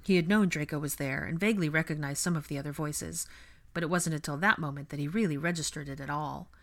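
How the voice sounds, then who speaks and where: A woman narrating a fan fiction audiobook in a steady storytelling manner. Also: low-pitched, quick pace. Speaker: audiobook reader.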